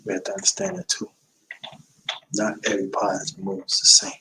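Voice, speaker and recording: A man's voice: on the low side, very animated, brisk, creaky, bright, forceful tone, slight background noise, rough recording. A man in his fifties hosting a livestream, giving an emphatic, repetitive motivational talk. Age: 50s. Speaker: livestream host.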